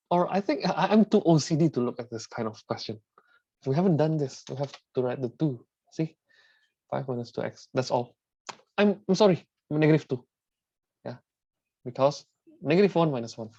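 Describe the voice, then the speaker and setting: A man's voice: medium pitch, lively intonation, normal speed, pauses often, dark tone. Man teaching math, dull lo-fi sound. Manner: repeats words and restarts, asks "right?" after steps. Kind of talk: tutorial lesson working through examples.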